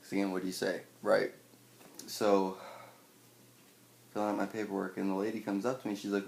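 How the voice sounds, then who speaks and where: A young man in his twenties, swearing a lot and telling a personal story with wry humor, acting out scenes loudly at times. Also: on the low side, flat delivery, a little fast, vocal fry, long pauses. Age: 20s. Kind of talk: personal storytelling, stand-up style. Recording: echoey room with faint noise.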